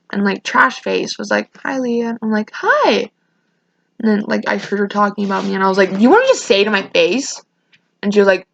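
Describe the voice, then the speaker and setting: A woman's voice: mid-range voice, creaky, slight background noise. A teenage girl telling a casual, rambling storytime rant, often restarting her sentences and sounding emotional. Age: teens. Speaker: vlogger. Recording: dull lo-fi sound.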